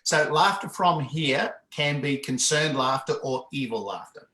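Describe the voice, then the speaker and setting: A man of middle pitch teaching laughter exercises, lively and quick to burst into hearty laughter. His voice carries a roomy echo. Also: slight background noise. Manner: animated, breaks into hearty laughs. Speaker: laughter yoga facilitator. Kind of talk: explanatory demonstration in an interview.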